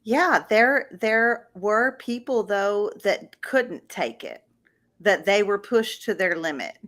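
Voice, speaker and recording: A woman co-hosting a podcast, telling a story in a slow, deliberate way. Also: mid-range voice, lively intonation, fairly bright tone. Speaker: podcast co-host. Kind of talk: casual storytelling.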